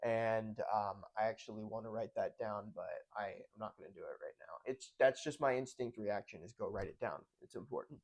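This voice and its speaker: A man's voice: on the low side, brisk, gravelly, hardly any pauses, darkish tone. A young man talking through a casual check-in on his own, rambling and correcting himself as he goes. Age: young adult. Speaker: vlogger.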